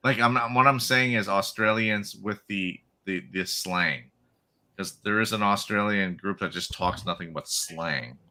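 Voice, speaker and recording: A man's voice: on the low side, measured pace, sharp tone. A man with a Canadian accent in casual, joking chat with friends, often stumbling over his words and laughing. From Newfoundland, Canada.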